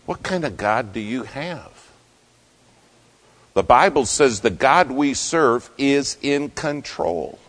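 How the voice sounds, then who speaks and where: A man preaching a sermon, telling a story with dramatic swings between loud and hushed. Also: mid-range voice, lively intonation, slow.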